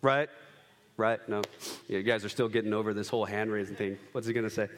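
A man in his thirties preaching a sermon, animated, acting out quick voices of kids and himself. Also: lowish voice. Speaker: pastor. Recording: long hall reverb.

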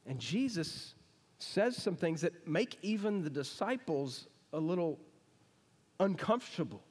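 Preacher, higher voice, reverberant hall. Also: male voice, very animated, a little slow, husky. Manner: conversational preaching, asks the congregation questions. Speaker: pastor. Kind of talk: sermon. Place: church sanctuary. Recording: long reverb of a church hall.

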